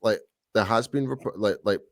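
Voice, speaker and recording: A man's voice: on the low side, moderate pace. A man from the UK co-hosting a casual sports podcast, rambling with lots of restarts and fillers. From United Kingdom. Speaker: podcast co-host.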